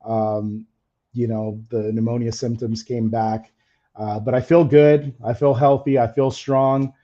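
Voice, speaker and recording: A man's voice: mid-range voice, flat delivery, unhurried, dark tone, dull audio. A man hosting a camera-gear live stream, talking in a candid, chatty way, his voice a little faded. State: slightly faded voice. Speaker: camera-gear channel host. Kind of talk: casual live stream chat.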